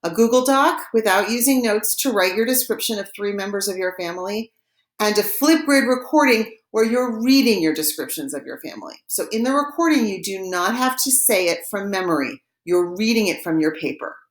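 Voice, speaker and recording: A woman teaching a recorded vocabulary lesson, patiently giving each word and repeating it slowly for practice. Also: mid-range voice, lively intonation, roomy sound. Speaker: French teacher.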